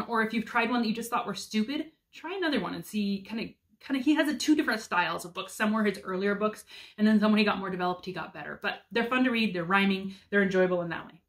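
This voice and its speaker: A woman's voice: medium pitch, fairly bright tone. A woman in her thirties chatting casually about favorite picture books, enthusiastic with frequent ums. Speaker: homeschool mom reviewing picture books. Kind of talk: casual book recommendations.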